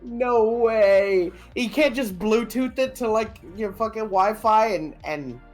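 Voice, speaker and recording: A laid-back podcast co-host at a middle pitch, chatting casually and chiming in with jokes and the odd swear. Faint music plays underneath. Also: expressive, unhurried. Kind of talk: casual chat.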